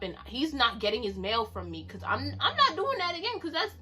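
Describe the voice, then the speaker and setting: A woman telling a casual storytime vlog in an animated, chatty, slangy way, acting out the lines people said to her. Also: high voice, a little fast, few pauses, a little hiss or hum. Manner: animated, chatty, slangy, acts out quoted dialogue.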